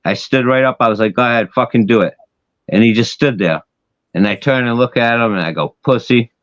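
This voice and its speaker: A man's voice: mid-range voice, a little fast, dry recording, muffled recording. A man telling a long personal story in casual, profane chat, acting out the voices of others, with an occasional stutter. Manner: profane, animated, acts out dialogue, occasional stutter. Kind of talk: casual storytelling on a live stream.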